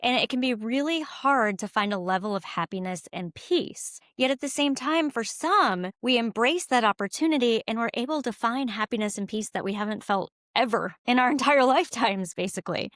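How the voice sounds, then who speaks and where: A woman podcast host introducing her guest and posing a question in a measured, earnest way. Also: a little high, animated, fairly bright tone, no echo, studio quality.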